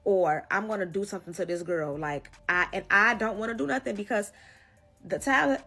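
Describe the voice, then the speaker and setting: Woman, storytime teller, lively and emphatic with blunt cursing, faint music underneath. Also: medium pitch, a little fast. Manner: animated, emphatic, swears freely. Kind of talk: casual storytime.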